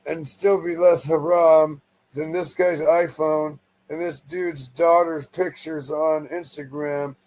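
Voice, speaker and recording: A man's voice: on the high side, fairly even intonation, takes it slowly, hardly any pauses, darkish tone, rough recording. A man from the United States, a guest on a stream, talking in a profane, rambling and blunt way. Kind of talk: casual stream chat.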